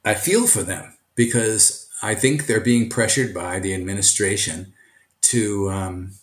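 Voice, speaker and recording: An older man from Brooklyn, a retired teacher and author, answering interview questions earnestly, often halting and restarting. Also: fairly low pitch. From Brooklyn, USA. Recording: echoey room.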